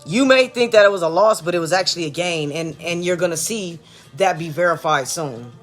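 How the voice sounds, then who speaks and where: A man giving a relaxed, chatty tarot reading. He drifts into soft, murmured blessings. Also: fairly high pitch, fairly quick, soft background music. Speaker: tarot card reader. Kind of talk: casual live tarot reading.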